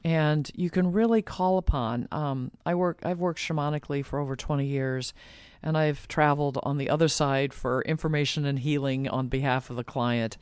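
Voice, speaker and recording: A woman's voice: low-pitched, steady tone, normal speed, a little mellow, smooth, no echo, studio quality. A middle-aged woman, a guest author and shamanic practitioner, talking earnestly in a casual interview, laughing often and acting out quotes.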